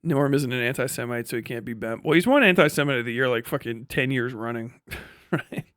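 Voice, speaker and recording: A man's voice: medium pitch, fairly quick, a bit bright, no echo. Sweary Midwestern man with a dry close mic. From Wisconsin. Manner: blunt, sweary, laughs mid-sentence. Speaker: live streamer. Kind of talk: casual profane rant reacting to a video.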